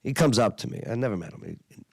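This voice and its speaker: A man's voice: medium pitch, animated, quick pace, creaky, dry recording. A middle-aged man, an Army veteran telling a personal war story in an earnest, emphatic way, full of fillers.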